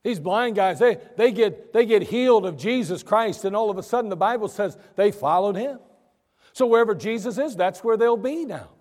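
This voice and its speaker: A high-pitched man delivers a sermon in a church. He preaches in an animated way, putting questions to his listeners and answering them himself. The hall around him adds a long reverb. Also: moderate pace. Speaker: pastor. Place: church sanctuary.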